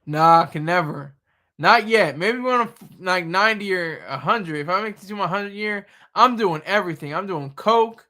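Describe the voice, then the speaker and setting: A man's voice: sits high, lively intonation, moderate pace, pushed and bright. A young man from Delaware chatting casually on a livestream, joking, laughing often and rambling. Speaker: livestream host. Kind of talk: casual live chat.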